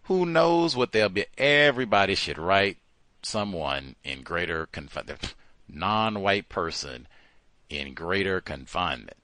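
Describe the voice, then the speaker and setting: A man hosting a call-in talk show, speaking in an animated, emphatic way and repeating words for stress. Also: low-pitched, unhurried, no echo. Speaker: host. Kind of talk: call-in radio talk monologue.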